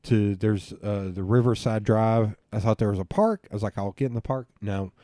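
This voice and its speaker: A man's voice: fairly low pitch, animated, normal speed, mellow, no room sound, clean studio sound. A man in a podcast interview, telling a long, profane story with laughs along the way. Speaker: podcast guest. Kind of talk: casual storytelling chat.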